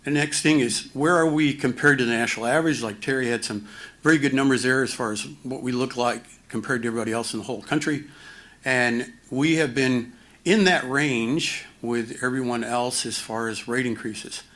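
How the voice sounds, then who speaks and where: Man presenting at a town hall, mid-pitched voice, halting delivery, dry humor. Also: fairly even intonation, a bit bright. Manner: halting, many fillers and restarts; dry self-mocking humor. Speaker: finance officer at a town hall.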